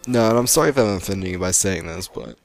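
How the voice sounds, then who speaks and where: A man's voice: low-pitched, animated, quick pace, vocal fry, soft background music. A young American man giving rambling, chatty gameplay commentary and laughing often. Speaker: let's play gamer. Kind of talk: post-recorded gameplay commentary.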